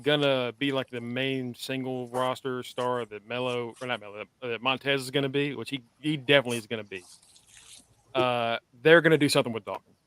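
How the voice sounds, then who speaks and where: A man's voice: mid-range voice, fairly even intonation, fairly quick, a bit bright, clear, resonant tone, dry recording. A man in his forties hosting a podcast, talking casually and loosely with lots of fillers. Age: 40s. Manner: loose, rambling, with many fillers. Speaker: podcast host. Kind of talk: casual chat.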